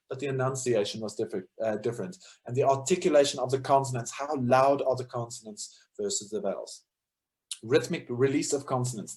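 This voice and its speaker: A middle-aged man from South Africa teaches choral music in an informal talk. He speaks at a middle pitch, thinks aloud as he goes, and often pauses with fillers and restarts. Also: a little mellow. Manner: thoughtful, with frequent fillers and restarts. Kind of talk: informal lecture.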